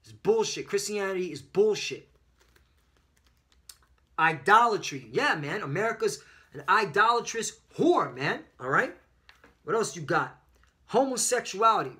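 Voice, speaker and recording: A man teaching scripture in an informal, emphatic, profane way, reading verses slowly and constantly asking the listeners if they follow. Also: high-pitched, sing-song, pushed and bright. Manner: reads scripture slowly and deliberately.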